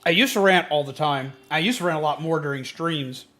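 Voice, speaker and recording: A male streamer with a high, bright voice talks casually to his viewers in an animated rant, swearing freely and calling out loud greetings to his chat. Soft music plays faintly underneath. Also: fairly quick.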